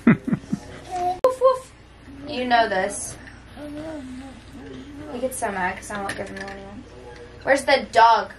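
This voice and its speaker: A woman's voice: mid-range voice, fairly even intonation, measured pace, long pauses, a crowd in the background. A mother and family vlogger talking to her toddlers in patient, coaxing baby talk, praising them at home. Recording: noisy home video audio.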